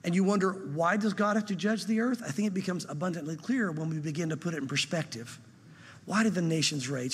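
High-voiced emphatic preacher in a hall. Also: male voice, animated, slightly rough. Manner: emphatic, drops pitch and slows on key lines. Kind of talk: sermon.

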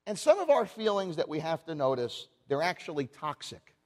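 Animated high-voiced male preacher in a church. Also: moderate pace, long reverb tail. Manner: animated preaching with rhetorical questions to the congregation. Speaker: pastor. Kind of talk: sermon.

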